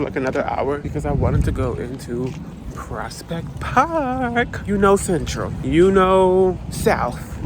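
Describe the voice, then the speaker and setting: A man's voice: fairly high pitch, noisy background. A young man vlogging casually, chatty and playful, often laughing through his asides while he walks around and eats. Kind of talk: casual vlog chat. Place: outdoors in a city park and in a car.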